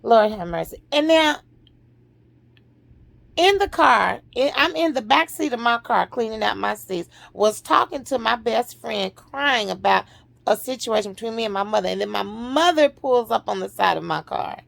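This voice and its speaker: A middle-aged woman telling an emotional personal story in a slow, dramatic way, sometimes dropping to a hush. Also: fairly high pitch, lively intonation, gravelly, dry recording. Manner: slow, dramatic, drops to a hushed near-whisper at emotional points.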